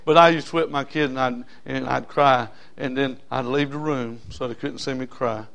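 A middle-aged man preaching a sermon. He calls out to his congregation for amens and swings between loud and soft delivery. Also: mid-range voice, steady tone, moderate pace, creaky.

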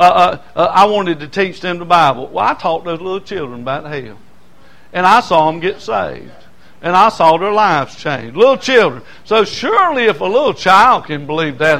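High, bright-voiced older preacher. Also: male voice, vocal fry. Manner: rises to loud preaching cries, then drops low; frequent amens. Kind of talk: fiery sermon.

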